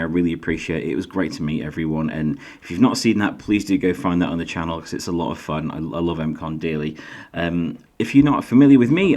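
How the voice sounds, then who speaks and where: A middle-aged man with a faded Yorkshire accent hosts his own video channel in a loose, chatty way. He pokes fun at himself now and then, and his low voice jumps up sharply in pitch when he gets excited. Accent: faded Yorkshire English. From Yorkshire, England. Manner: chatty, self-deprecating, lively pitch jumps. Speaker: YouTube host and author. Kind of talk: casual solo vlog.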